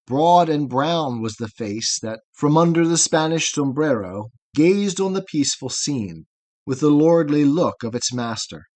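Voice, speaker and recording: A man, a podcast host, reading a long narrative poem aloud in a measured, rhythmic way. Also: on the high side. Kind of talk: poetry reading.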